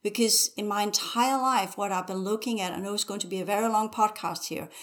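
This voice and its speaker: A woman's voice: medium pitch, brisk. A woman teacher speaking as a podcast guest, urgently exhorting listeners with strings of rhetorical questions. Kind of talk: podcast conversation.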